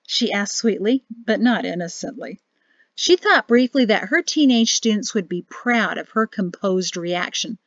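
A woman's voice: medium pitch, dry recording, highs cut off. A woman narrating a novel as an audiobook reader, reading expressively. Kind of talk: scripted narration.

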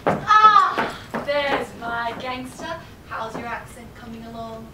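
A woman's voice: a little high, animated, takes it slowly, echoey room, heavy background noise. A woman acting a bossy, theatrical drama teacher on stage, quizzing her students in an exaggerated, sing-song way, taped from far off in a theatre. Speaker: stage actor. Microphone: far camera in audience.

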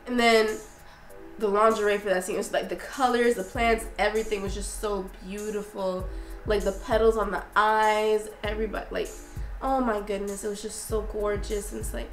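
A young woman vlogger chats in an effusive, meandering way, her sentences full of fillers and restarts. Her voice sits at an ordinary pitch. The room around her is echoey, and faint music plays underneath. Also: fairly bright tone. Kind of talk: casual review vlog.

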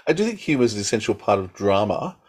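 A man co-hosts a podcast in a low voice. He talks in a reflective way and gives his views plainly. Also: very animated, fast talker, a little mellow, breathy edge. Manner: reflective, opinionated. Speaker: podcast co-host. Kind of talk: casual chat.

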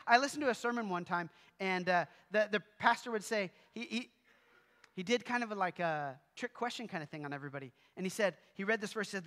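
A man's voice: high-pitched, quick pace, fairly bright tone, long reverb tail. A male pastor preaching a sermon in a church, talking conversationally with humorous asides. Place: church sanctuary.

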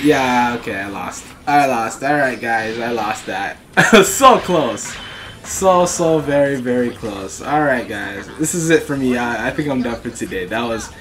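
A man giving excited live commentary over his own fighting game matches, trash-talking his opponent, laughing and shouting often. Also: medium pitch, unhurried, slight background noise. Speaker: gaming channel host. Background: fighting game music and sound effects.

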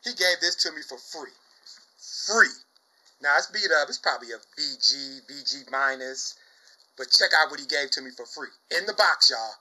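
A young man chatting casually about his comic book finds, exuberant, saying "y'all" often and bursting into loud shouts and laughs. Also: a little high, expressive, normal speed, low-quality recording. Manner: exuberant, says "y'all" a lot. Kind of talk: casual chat.

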